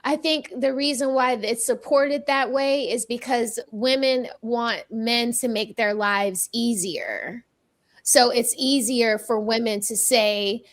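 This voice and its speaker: A young woman hosts a casual panel debate in a fairly high voice. She talks hesitantly, stopping and restarting her sentences as she thinks out loud. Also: fairly even intonation, slow. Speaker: podcast panel host.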